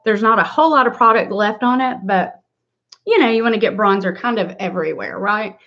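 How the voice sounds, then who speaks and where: A woman's voice: medium pitch, fairly quick, fairly bright tone. Middle-aged woman, chatty livestream makeup host, upbeat, slightly dull lo-fi audio. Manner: chatty, greets viewers by name, upbeat. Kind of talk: casual livestream makeup tutorial.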